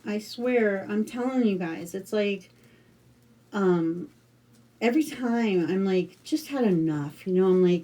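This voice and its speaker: A middle-aged American woman chats through a craft livestream in a relaxed, rambling way, full of fillers and restarts. Her voice is mellow and soft-edged. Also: mid-range voice, slow. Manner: chatty, rambling storytelling with many fillers. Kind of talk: casual livestream chat.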